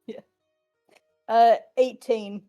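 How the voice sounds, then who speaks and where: A giggly woman jokes her way through a tabletop game as a player. Her voice sits fairly high, with faint music underneath. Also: steady tone, very slow, lo-fi sound. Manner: giggly, joking. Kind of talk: casual tabletop game play.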